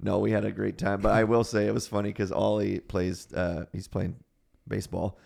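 Gravelly low-voiced podcast host. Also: male voice, normal speed. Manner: relaxed, laughs often, leads the topic. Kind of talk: casual chat.

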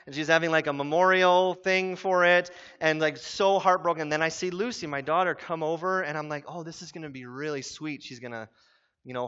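A man in his thirties preaching a sermon as pastor, telling stories with quick voiced asides. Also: on the high side, sharp tone, clear, resonant tone. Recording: muffled sound in a reverberant hall.

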